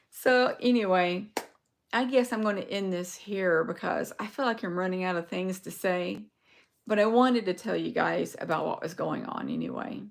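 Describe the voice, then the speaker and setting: A woman's voice: medium pitch, creaky. A woman talking casually to viewers on a live stream, rambling through a story and losing her voice.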